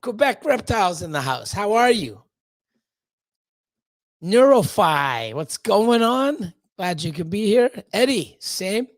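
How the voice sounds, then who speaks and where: Man, live-stream host, slow unhurried talk, dry close sound, rambling with fillers. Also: sits high, very animated, dry recording. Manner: rambling, loose, full of fillers. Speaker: livestream host. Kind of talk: casual live-stream chat greeting viewers.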